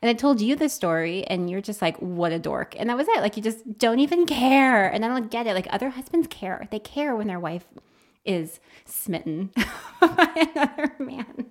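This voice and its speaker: Pitched on the high side at a normal speed, this podcast co-host chats easily with her spouse. Her stories are lively and punctuated by plenty of laughter.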